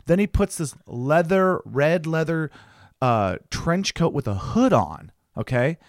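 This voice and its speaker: A man's voice: takes it slowly, no room sound, studio quality. A man, a caricature artist, telling a story in casual chat, swearing often and acting out the people he quotes. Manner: animated, swears often, acts out quoted people with big pitch jumps.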